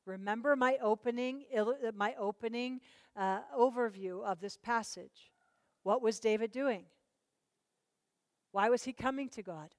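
Lively woman teaching a Bible class. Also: on the high side, unhurried, no echo. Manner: animated, questions the class, prods them to answer.

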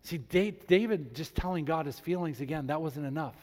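A man's voice: fairly high pitch, brisk. Man preaching in a reverberant hall. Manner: animated preaching, reads scripture aloud with emphasis. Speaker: pastor. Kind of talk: sermon. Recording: long reverb in a large hall.

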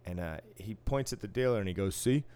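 A man's voice: deep voice, fast, a little mellow, smooth. Profane man telling a casino story. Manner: profane, wry, acts out quoted exchanges. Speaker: casino floor supervisor. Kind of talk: casual storytelling chat.

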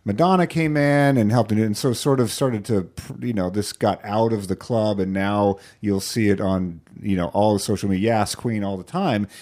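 A man's voice: on the low side, normal speed, few pauses. A middle-aged man co-hosting a chat show, telling stories and acting out what others said. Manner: animated storyteller, acts out quotes. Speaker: podcast co-host. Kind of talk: casual chat.

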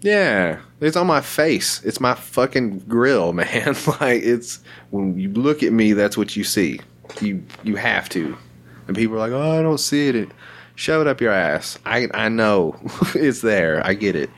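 A low-voiced man hosts a relaxed podcast conversation. He talks bluntly, swears freely and laughs between thoughts. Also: unhurried. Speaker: podcast host. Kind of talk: casual chat.

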